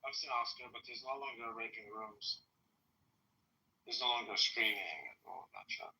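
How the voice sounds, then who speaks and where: Very bright-voiced blunt man. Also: mid-range voice, animated, normal speed, gravelly, rough recording. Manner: blunt, crude, laughs off jabs. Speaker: live stream host. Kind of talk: casual live stream banter.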